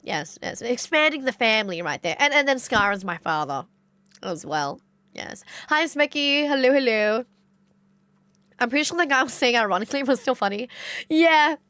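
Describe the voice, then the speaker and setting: A woman's voice: on the high side, expressive, moderate pace, fairly bright tone, no echo. An Australian woman streamer with a congested nose, chatting casually to her live audience and telling stories full of "like" fillers. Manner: chatty storyteller, rambling with many "like" fillers. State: nasal congestion. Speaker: game streamer.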